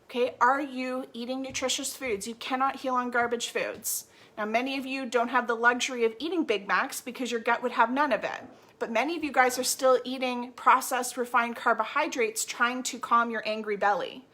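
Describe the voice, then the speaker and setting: A woman's voice: on the high side, fairly even intonation, moderate pace, hardly any pauses, bright, forceful tone. A young woman coaching a support group on gut health, talking emphatically and acting out quoted complaints. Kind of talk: motivational talk to a support group.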